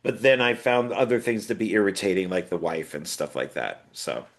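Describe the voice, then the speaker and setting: A man's voice: deep voice, normal speed. A man co-hosting a podcast in casual chat, teasing his partner in a jokey way. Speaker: podcast co-host.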